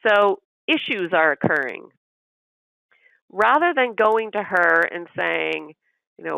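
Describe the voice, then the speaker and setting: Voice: medium pitch, lively intonation, moderate pace, creaky, sharp tone, dry recording, rough recording. A business systems trainer leading a recorded training session, explaining step by step and acting out short bits of manager dialogue. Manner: explanatory, walks through examples step by step; acts out manager dialogue in quotes.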